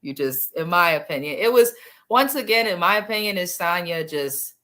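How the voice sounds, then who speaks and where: A woman's voice: fairly low pitch, expressive, moderate pace, fairly bright tone. A woman hosting a reality TV review in casual, opinionated chat, talking bluntly with slang over a video call.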